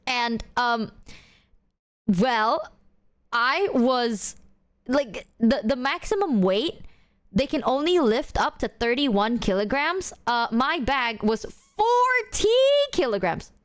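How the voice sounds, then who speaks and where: A woman streamer reacting to clips in casual stream chat, swearing freely while she tells an animated anecdote. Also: on the high side, slow pace.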